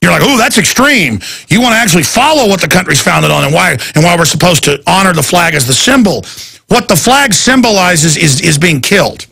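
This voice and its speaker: A man's voice: high voice, animated, fairly quick, vocal fry, bright, forceful tone, slightly rough. A man hosting a talk radio show, delivering a heated, rambling and indignant monologue.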